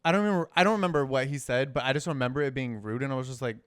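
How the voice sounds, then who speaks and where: A man's voice: mid-range voice, rapid-fire, clean tone, no room sound, clean studio sound. A man co-hosting a podcast in casual chat, laid-back and hesitant with many fillers. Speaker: podcast co-host.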